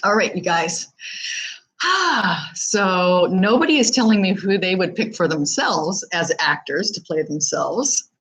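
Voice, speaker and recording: A woman's voice: fairly low pitch, expressive, unhurried, a bit bright, rough recording. A woman hosting a live stream, talking candidly and casually with viewers, with many fillers and restarts. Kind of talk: casual live chat reading viewer comments.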